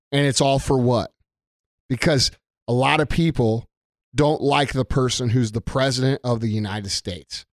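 A man's voice: mid-range voice, a bit bright, dry recording, clean studio sound. A man giving an angry, blunt rant to camera, swearing heavily and repeating himself for emphasis. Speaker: business owner. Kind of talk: profane political rant to camera.

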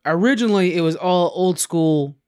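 A man's voice: high-pitched, moderate pace, darkish tone, clean tone. A man co-hosting a casual gaming chat, laid-back and slangy, explaining things to listeners. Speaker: podcast co-host.

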